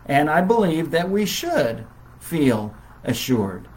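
A man preaching in a relaxed, conversational Bible study style, with many fillers. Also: a little high, takes it slowly, rough recording. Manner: conversational, warm storytelling with fillers.

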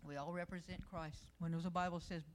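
A woman's voice: lowish voice, fairly even intonation, a little fast, slight background noise. A woman giving a midweek church devotional, earnest and conversational, telling personal stories and reading scripture aloud. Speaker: church speaker.

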